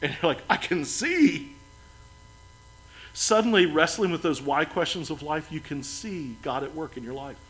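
A man preaching a sermon as pastor, earnest, building to emphatic lines and then dropping soft and quiet. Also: on the high side, a little fast, hardly any pauses, slight background noise, poor audio.

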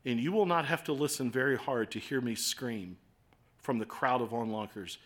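A man preaching a sermon, earnest, moving between quiet reflection and impassioned appeals. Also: medium pitch, normal speed. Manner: earnest, swings from hushed to impassioned.

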